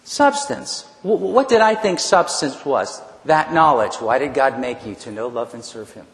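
A man preaching a personal testimony sermon, telling his story in an animated way with frequent restarts. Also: mid-range voice, unhurried. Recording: echoey hall, long reverb.

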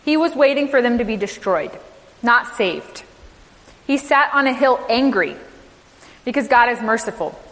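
A woman's voice: on the high side, a bit bright. Woman preaching in a reverberant hall. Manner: emphatic preaching with rhetorical questions. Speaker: minister. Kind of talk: sermon.

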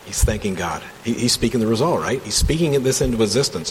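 An enthusiastic man with a fairly low voice leads a relaxed Bible study, reading aloud and then talking it through. He sounds conversational rather than preachy. A long reverb trails his words over a faint background hum. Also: fast talker, hardly any pauses. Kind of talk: casual Bible teaching.

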